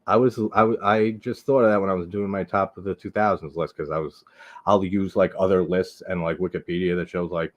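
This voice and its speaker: A man's voice: low voice, highs cut off. A man from Long Island, hosting a live horror movie stream and chatting casually with viewers. He rambles, drops "like" constantly and swears freely. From Long Island, New York.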